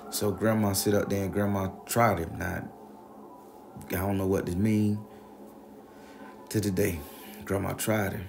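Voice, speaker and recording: A man telling a story in a casual, animated, profane, slang-heavy way. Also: low-pitched, a little slow, creaky, long pauses, soft background music.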